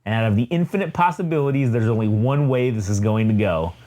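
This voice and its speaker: Gruff masked vigilante, as a man puts him on, grim and low, solemn clipped delivery. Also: quick pace, dark tone, natural voice.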